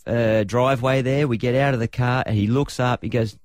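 An Australian man co-hosting a radio show, telling a family story in relaxed chat with many fillers. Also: mid-range voice, brisk, no echo, studio quality. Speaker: radio co-host. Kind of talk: casual radio banter.

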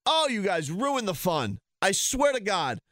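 A man's voice: sits high, big pitch swings, unhurried, a bit bright, dry recording, clean studio sound. A man ranting heatedly and sarcastically as a sports talk host.

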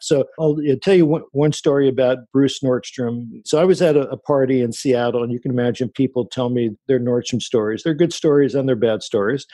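A man's voice: mid-range voice, no room sound. A man being interviewed as an author, answering at length with stories and quoted remarks. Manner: anecdotal, animated when quoting people.

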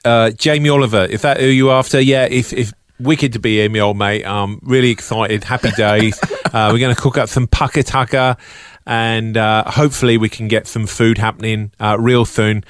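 A man's voice: fairly low pitch, steady tone, moderate pace, clear, resonant tone, no echo, close to an everyday voice. Male impressionist: chirpy chef, slangy mumble, dry. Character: chirpy English celebrity male chef, chatty.

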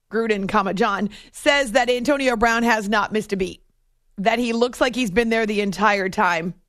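A woman's voice: mid-range voice, dry recording, studio quality. A woman hosting a sports radio show, talking in a wry, chatty way and laughing often. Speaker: radio host. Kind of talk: sports radio talk and chat.

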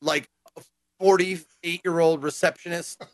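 A man chatting casually as a gaming podcast co-host, animated and profane, acting out quotes as he tells stories. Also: fairly high pitch, unhurried, a little hiss or hum. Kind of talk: casual chat.

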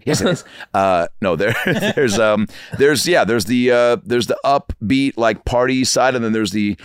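A man in his thirties telling comic stories as a podcast guest, animated and acting out the people in them. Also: on the low side, unhurried, smooth, no room sound, studio quality. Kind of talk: comic storytelling. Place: podcast studio.

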